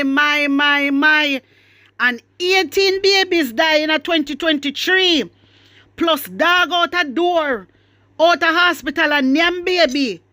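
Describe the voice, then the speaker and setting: A woman's voice: high-pitched, pushed and bright, no echo. A Jamaican woman hosting her news commentary channel, chatting and scolding in patois.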